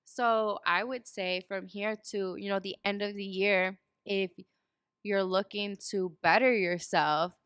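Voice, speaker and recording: A woman's voice: mid-range voice, unhurried, clear, resonant tone, no room sound, studio quality. A woman in her twenties, a podcast guest, telling stories in casual chat and acting out quoted dialogue. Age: 20s. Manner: animated storyteller, acts out quoted dialogue, laughs often.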